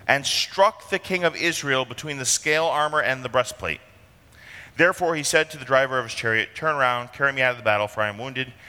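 A man with a medium-pitched, sharp-toned voice preaches an expository sermon as a pastor in a church sanctuary. He talks conversationally and poses rhetorical questions, with long hall reverb on the recording.

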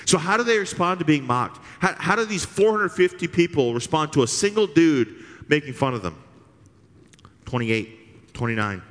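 Brief: male pastor, lively sermon delivery with mocking asides, higher-pitched voice, echoing sanctuary reverb. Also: moderate pace. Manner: animated and sarcastic, acting out the scripture with big pitch swings.

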